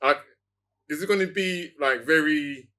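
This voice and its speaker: A man's voice: a little high, measured pace, bright, forceful tone. A man, co-hosting a casual podcast chat in an enthusiastic way, full of "like" fillers. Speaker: podcast co-host.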